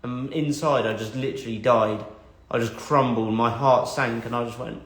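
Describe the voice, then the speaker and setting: A man's voice: medium pitch, steady tone, normal speed. A young man telling a personal story as a motivational talk, earnest and blunt, swearing and repeating phrases for emphasis. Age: young adult. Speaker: motivational speaker. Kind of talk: motivational monologue. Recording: echoey room.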